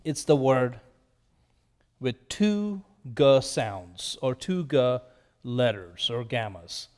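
A middle-aged man teaching a lesson at a whiteboard, speaking slowly and patiently and repeating words so learners can drill them. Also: mid-range voice, expressive, smooth, long reverb tail.

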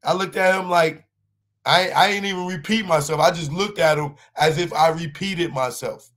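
A man performing live stand-up, telling a long story in slang, with many restarts, and jumping into high shouted voices for the other people in it. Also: normal speed. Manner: repeats and restarts words, talks in slang. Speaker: stand-up comedian.

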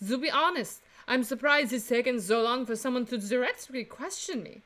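A woman's voice: on the high side, expressive, normal speed, fairly bright tone. Woman doing a French-accented bird flower girl. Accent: put-on French.

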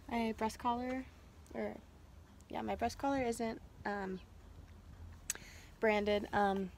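A woman's voice: a little high, creaky, a little mellow, slight background noise. A young woman with a stuffed-up nose, rambling casually through a vlog with lots of fillers and self-corrections. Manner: rambling, filler-heavy, stops to correct herself. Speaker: vlogger.

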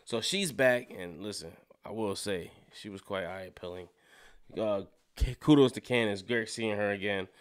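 A man's voice: on the low side, moderate pace, clear, resonant tone. A man casually recapping and reviewing a TV episode, chatty and loose, with lots of fillers and short laughs between points. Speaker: reviewer of a TV show. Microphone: studio dynamic microphone.

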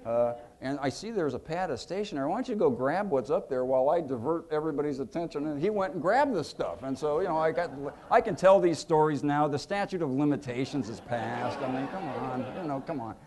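A man in his fifties, an author telling anecdotes to an audience at a museum event, acting out quotes with lively pitch and volume. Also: brisk, hardly any pauses. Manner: animated, acts out quotes with lively shifts in pitch and loudness. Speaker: author giving a book talk.

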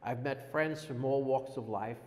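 An older man giving a personal testimony, talking in a halting, rambling way with many restarts. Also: medium pitch, a little mellow, long reverb tail. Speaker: prisoner telling his story.

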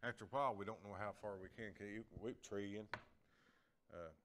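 A man's voice: fairly low pitch, a little fast, a bit bright, a little hiss or hum. An older man, preaching a folksy lay sermon, repeating words and chuckling as he talks.

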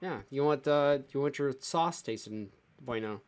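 A man's voice: medium pitch, moderate pace, darkish tone. A man hosting a casual gaming stream, joking around, swearing and laughing often.

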